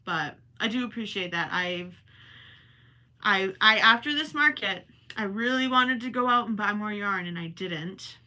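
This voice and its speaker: A young woman chats with her livestream viewers while she crochets, rambling and correcting herself as she goes. Her voice is very bright and sits at a middle pitch for a woman. Now and then she drifts a bit off the mic. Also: animated, unhurried. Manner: chatty and rambling, self-correcting, talks while working. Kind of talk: casual chat while crocheting live.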